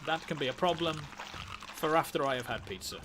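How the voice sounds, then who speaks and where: A man's voice: fairly high pitch, a little fast, music in the background. A man hosting a gaming video, giving dry, wry let's play commentary and often stammering and restarting his sentences.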